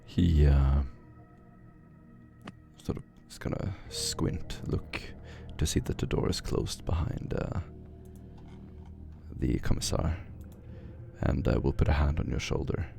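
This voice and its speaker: A man narrating a tabletop game as game master, pausing often with fillers. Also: very deep voice, gravelly, warm tone, soft background music. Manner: hesitant, with frequent fillers.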